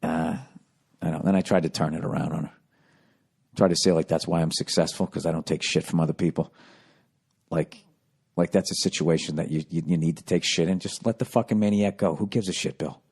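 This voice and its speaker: A man hosting a comedy podcast, telling a profane, self-mocking story that swings from low mumbling to loud outbursts. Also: steady tone, fairly quick, breathy edge. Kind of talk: casual storytelling monologue.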